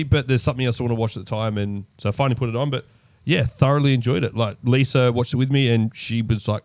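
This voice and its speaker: A man's voice: mid-range voice, fairly even intonation, fast, darkish tone, dry recording. A man co-hosting a podcast, chatting casually about a film he finally watched. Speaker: podcast co-host.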